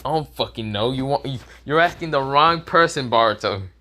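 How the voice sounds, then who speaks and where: A man's voice: mid-range voice, animated, a little fast, sharp tone. A man voicing a lazy, grumbling teenage boy strategist who sounds bored and swears casually.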